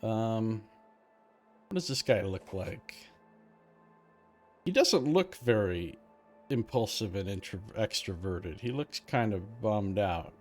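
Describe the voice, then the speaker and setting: A man's voice: on the low side, expressive, slow, pauses often, a little mellow, faint music behind. A man streaming a video game, chatting casually and self-amused as he tries out character voices. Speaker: let's play streamer.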